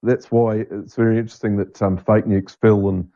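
A man's voice: fairly low pitch, level tone, normal speed, dark tone, lo-fi sound. A New man in casual, opinionated chat, rambling with many fillers and restarts.

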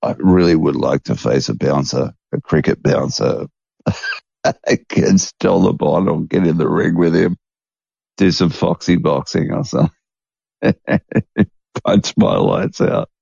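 A laid-back man hosts a casual late-night chat from home, rambling and chuckling. His voice is extremely deep, gravelly and husky, with a slow unhurried drawl. The recording is dry and a little dull. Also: animated, a little mellow, no room sound. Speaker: podcast host.

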